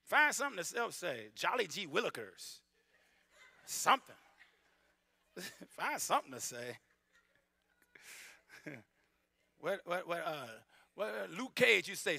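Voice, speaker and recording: A middle-aged Southern US pastor preaching a sermon, moving from low, playful asides and acted-out everyday voices to shouted passages. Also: male voice, sing-song, normal speed, vocal fry, long pauses, no echo. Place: church sanctuary.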